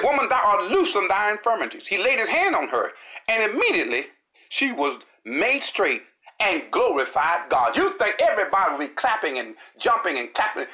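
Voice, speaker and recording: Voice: mid-range voice, pushed and bright. A preacher delivering a sermon in a rhythmic, repetitive style, building with dramatic rises and falls.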